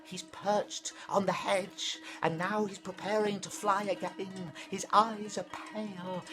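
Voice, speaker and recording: A man's voice: high-pitched, level tone, slow, over music, pitched above the performer's own voice. A man voicing a frightened young princess who speaks in an anxious, breathless way.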